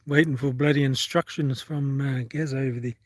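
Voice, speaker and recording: A man's voice: mid-range voice, steady tone, normal speed, a little mellow, dry recording. A man with a New Zealand accent chatting casually on a phone livestream outdoors on farmland, rambling and swearing offhandedly as he thinks aloud. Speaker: livestream vlogger. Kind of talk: casual live-stream chat.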